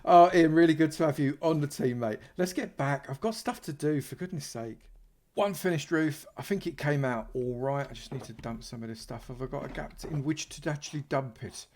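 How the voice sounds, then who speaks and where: A man's voice: a little high, a little fast, darkish tone. A man, giving casual, playful commentary while playing Minecraft and thanking supporters. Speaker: Minecraft YouTuber.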